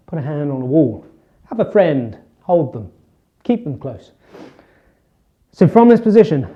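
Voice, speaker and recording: This fitness coach's voice sits on the high side, and the audio sounds dull. Relaxed and chatty, he talks his way through an instructional demonstration of stretches.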